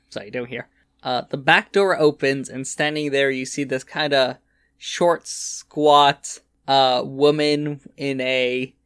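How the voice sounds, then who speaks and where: A man narrating as game master in a relaxed, halting way with many fillers. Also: medium pitch, clean tone, no room sound, clean studio sound.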